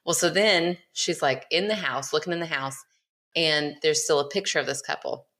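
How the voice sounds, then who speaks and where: A woman's voice: low voice, moderate pace, a bit bright. A woman co-hosting a podcast, telling a story in a rambling, giggly way. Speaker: podcast co-host. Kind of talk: casual chat, storytelling.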